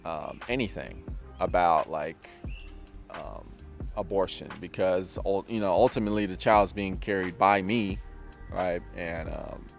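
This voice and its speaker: A man with a low, gravelly voice talks through a casual discussion outdoors, stumbling over fillers and restarting his sentences. He laughs often between thoughts. Faint music sits under the recording. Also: measured pace. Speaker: discussion host. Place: outdoors, drizzling.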